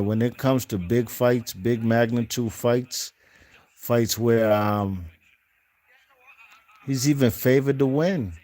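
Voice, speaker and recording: A non-UK man with a medium-pitched, slightly mellow voice runs a boxing channel. He gives relaxed post-fight commentary that rambles, leans on slang, and keeps restarting amid plenty of fillers.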